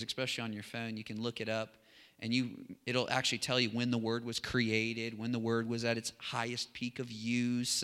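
A man preaching a sermon as a pastor, talking with rising animated excitement. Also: mid-range voice. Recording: long hall reverb.

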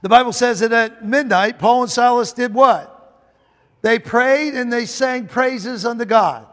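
Fervent high-voiced preacher in a hall. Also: male voice, unhurried, a bit bright. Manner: fervent, emphatic preaching with repetitions. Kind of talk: sermon. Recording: long hall reverb.

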